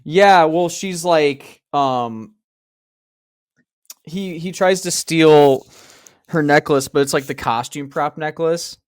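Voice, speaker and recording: A man's voice: a little high, slow pace, pauses often, clear, resonant tone, no echo, studio quality. A young man co-hosting a podcast, chatting casually about a movie and often searching for his words mid-thought. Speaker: podcast co-host. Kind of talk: casual chat.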